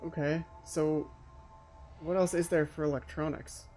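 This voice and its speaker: A man's voice: fairly high pitch, normal speed, a little mellow, faint music behind. A man hosting a let's play, giving jittery, frightened commentary on a horror game and talking to himself.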